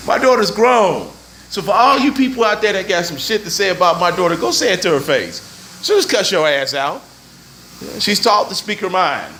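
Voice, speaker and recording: A man's voice: a little high, sharp tone, slight background noise, poor audio. A man in his forties delivering a profane, emphatic opinion rant, mocking the people he quotes. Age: 40s. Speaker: vlogger.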